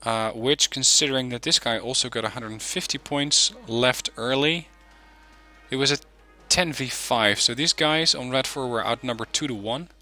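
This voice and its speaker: Bright-voiced man commenting on a replay. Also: mid-range voice, normal speed. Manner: relaxed, chatty, many ums. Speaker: gaming channel host.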